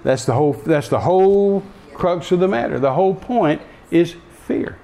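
With a high-pitched, mellow voice at a moderate pace, a man delivers a sermon, emphatically repeating key phrases. He also performs the voices of the people in his story.

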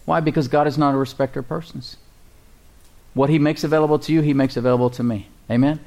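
A pastor preaching a sermon to his congregation, calling for responses and slowing down to read scripture aloud. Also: a little high, steady tone, warm tone.

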